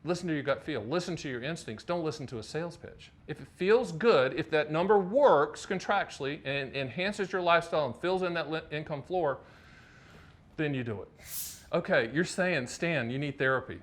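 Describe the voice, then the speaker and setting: A man from North Carolina hosting a finance show, talking to the camera in an animated, emphatic way with lots of rhetorical questions. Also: fairly high pitch, moderate pace. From North Carolina, USA. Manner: animated, emphatic, rhetorical, addresses the viewer directly. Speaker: host of a finance channel.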